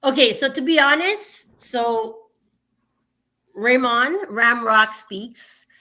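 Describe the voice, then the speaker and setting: Bright-voiced woman performing spoken word. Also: a little high, animated, takes it slowly. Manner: dramatic spoken-word delivery with big swings in loudness; chatty, loose and full of fillers when talking. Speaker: guest poet. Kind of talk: spoken-word poetry and casual chat.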